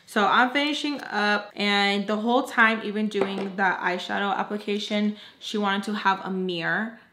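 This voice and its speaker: A woman's voice: medium pitch, fairly even intonation, normal speed, bright, forceful tone, slight background noise. A young woman makeup artist telling a story time in a casual, exasperated way, full of fillers. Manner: exasperated, chatty, heavy use of "like". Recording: echoey room.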